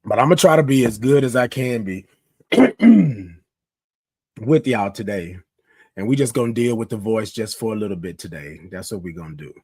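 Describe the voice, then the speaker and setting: A man in his fifties with a hoarse voice from a cold, hosting a casual morning live stream and greeting viewers by name. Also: lowish voice, animated, normal speed, a little mellow, no room sound. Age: 50s. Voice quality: rough, scratchy voice. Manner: chatty, greets viewers by name, calls them y'all. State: hoarse, sick with a cough.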